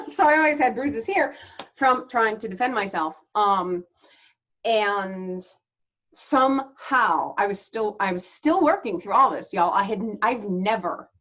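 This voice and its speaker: A woman's voice: medium pitch, a bit bright, highs cut off. A woman hosting her own channel, telling her life story to the camera in a candid, chatty way and laughing between lines. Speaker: channel host.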